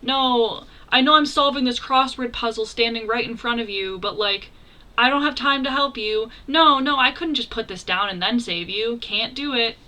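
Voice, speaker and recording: A woman's voice: fairly high pitch, moderate pace, pushed and bright, distant mic, voice pushed up. A woman imitating a flippant man who rambles excuses, brushing off a plea for help in a breezy, mock-apologetic way.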